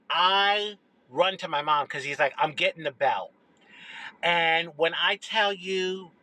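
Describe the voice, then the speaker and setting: A woman around sixty telling a personal childhood story to camera, expressive, dropping low for emphasis. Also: low-quality recording. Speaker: social media storyteller.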